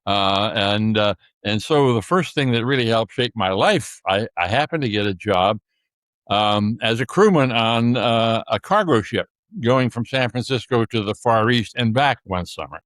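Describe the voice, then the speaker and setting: An older man from the Pacific Northwest tells stories from his life as a guest. He speaks in halting bursts, with many fillers and restarts, and chuckles now and then. The sound is dry and close. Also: on the low side, a bit bright, no room sound. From Tacoma, Washington. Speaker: guest author. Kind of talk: storytelling interview.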